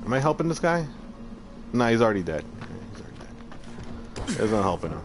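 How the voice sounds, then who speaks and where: Soft background music plays as a man streams a game and reads viewer chat. Chatty and profane, he talks to himself in a sing-song, medium-pitched voice at a quick pace.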